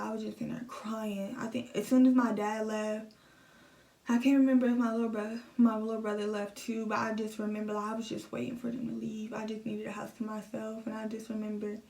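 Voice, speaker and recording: A young woman vlogging a personal story into her phone, emotional and halting, often repeating herself. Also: medium pitch, vocal fry, darkish tone. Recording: echoey room, phone set at a distance.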